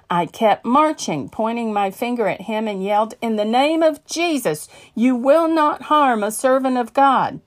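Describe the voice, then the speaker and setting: A woman narrates a story at an unhurried, measured pace. Her voice sits at a middle pitch and carries an earnest tone throughout. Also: darkish tone.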